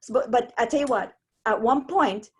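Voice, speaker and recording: A woman, a stroke survivor telling her story as an interview guest in a rambling, animated way with many restarts. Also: a little high, normal speed, husky. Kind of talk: casual interview chat.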